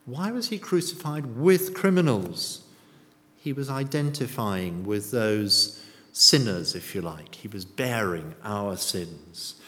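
Slow, lively-voiced male preacher in church. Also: on the low side. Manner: rhetorical questions, tag questions to the congregation. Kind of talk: sermon. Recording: long church reverb.

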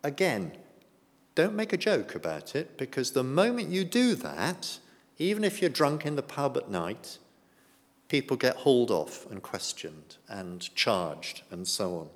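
Male preacher, animated delivery, chatty, quizzes the congregation, church echo. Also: mid-range voice, measured pace. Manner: conversational, asks the congregation questions. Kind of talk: sermon.

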